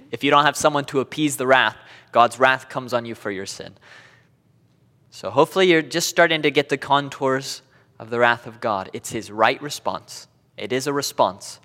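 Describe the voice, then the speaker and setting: Animated male Bible teacher in a hall. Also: mid-range voice. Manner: animated, quoting scripture with dramatic emphasis and small laughs. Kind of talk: Bible class lesson. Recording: long reverb of a hall.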